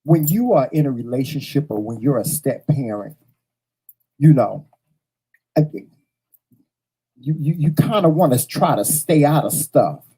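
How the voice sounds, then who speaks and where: A man hosting a morning show, telling a story in an animated, profane way and repeating lines for effect. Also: medium pitch, a little slow, long pauses, husky, rough recording.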